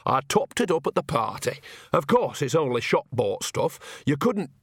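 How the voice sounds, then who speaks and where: A man's voice: fairly high pitch, sing-song, moderate pace, breathy edge, dry recording, studio quality, voice pushed up, exaggerated voice. A man putting on a teasing old witch woman. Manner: chatty, teasing. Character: shrewd jolly old village witch woman.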